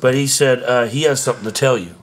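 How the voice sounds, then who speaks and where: A man's voice: medium pitch, quick pace, slight background noise. Rambling storytelling man. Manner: animated anecdotes with many fillers and restarts. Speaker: guest musician. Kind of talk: casual storytelling.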